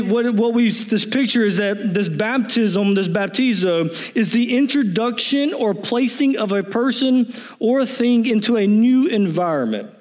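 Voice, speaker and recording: High-voiced man preaching with emphasis. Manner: emphatic, building to animated repetition. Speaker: pastor. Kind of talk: sermon.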